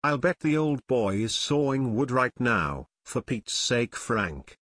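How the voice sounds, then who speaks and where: A man voicing an eager teenage boy detective in a storybook reading, with excited, quick exclamations. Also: mid-range voice, no echo, clean studio sound, exaggerated voice.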